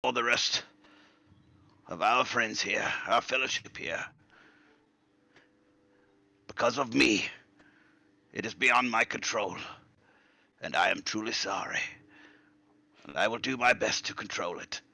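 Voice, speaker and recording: A man's voice: lowish voice, slow, creaky, long pauses, pushed and bright, no echo, voice pushed up, full character voice. A man voicing a frail, senile old male wizard who rambles, trails off and sometimes whispers. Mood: earnest, apologetic.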